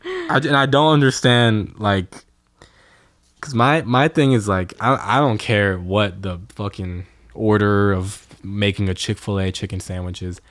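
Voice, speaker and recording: A man's voice: lowish voice, animated, measured pace, a bit bright, no echo, studio quality. A young man co-hosting a podcast, telling a story in casual chat, with plenty of swearing and exasperated outbursts. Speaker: podcast co-host.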